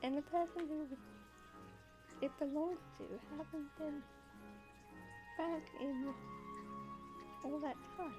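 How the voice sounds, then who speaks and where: A woman's voice: high-pitched, steady tone, slow pace, long pauses, music in the background, low-quality recording. A woman voicing a polite young female detective in a put-on British accent, asking probing questions. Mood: inquisitive.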